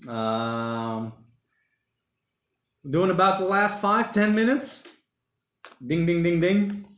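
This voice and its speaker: 30s guy rambling thru his livestream chat at home, calls everyone mate, mid pitch, echoey room. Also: slight background noise. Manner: rambling, thinking out loud, says mate and man a lot. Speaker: livestream host reading viewer chat. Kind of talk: casual solo livestream chat. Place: home during lockdown. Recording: roomy home room echo.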